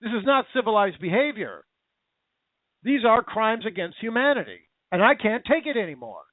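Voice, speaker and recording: A man's voice: sits high, sing-song, moderate pace, no echo. A man hosting a talk radio show, ranting with emotion and repeating himself as his anger builds. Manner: angry, emotional, repetitive ranting. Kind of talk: impassioned talk radio monologue. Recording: tinny phone-like sound.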